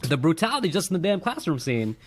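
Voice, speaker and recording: Brief: male film-review co-host, rapid delivery, excitable, swears casually. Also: fairly high pitch. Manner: animated, exclaiming, swears freely. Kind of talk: casual movie discussion.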